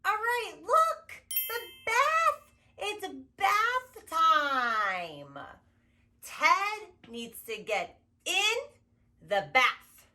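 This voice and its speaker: A woman with a high, bright voice talks to toddlers at a very slow pace. She repeats simple words in a sing-song way and stays gentle and encouraging. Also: big pitch swings. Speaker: early childhood educator. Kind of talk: toddler teaching video narration.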